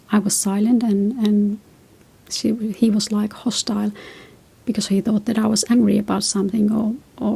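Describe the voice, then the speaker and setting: Husky, gravelly woman giving gentle advice. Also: medium pitch. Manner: reflective, tells personal stories. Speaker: relationship advice host. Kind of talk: casual advice talk.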